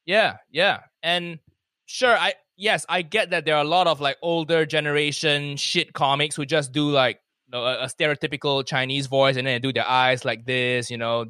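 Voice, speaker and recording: Brief: comedian from Malaysia, man, high bright voice, quick and emphatic, dry close sound. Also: fairly even intonation, smooth, no echo. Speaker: comedian, podcast guest. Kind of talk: casual chat.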